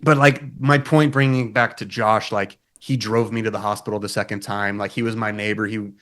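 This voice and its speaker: A man, a podcast guest and metal guitarist, telling a long personal story in a casual, animated way, swearing a lot and filling his talk with "like". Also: fairly low pitch, fairly quick. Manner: swears often, frequent "like" fillers.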